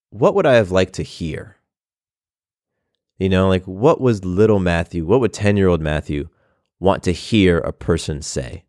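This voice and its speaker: A man's voice: deep voice, dry recording, clean studio sound. A man in his thirties telling a personal story in a reflective, earnest way, often repeating phrases. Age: 30s.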